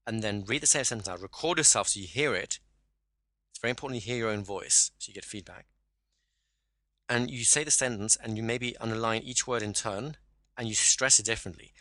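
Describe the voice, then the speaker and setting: A man's voice: lowish voice, a little fast, pushed and bright, no echo. A man coaching a caller one-to-one, explaining exercises step by step and often checking in with "right?".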